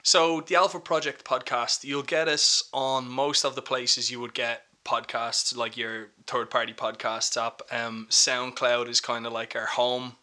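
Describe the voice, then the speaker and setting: A man guesting on a podcast, talking in a loose, rambling way with plenty of "like" fillers. His voice sits at a middle pitch and has a very bright, forceful edge. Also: little pitch movement, measured pace, hardly any pauses. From Ireland. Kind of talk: casual chat.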